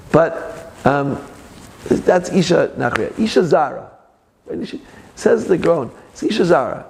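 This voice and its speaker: A rabbi gives a Torah class, carrying it with personal stories and dry jokes along the way. His voice sits a little high for a man and swings widely in pitch. A gravelly edge runs through his delivery. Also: unhurried. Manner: animated storyteller with joking asides.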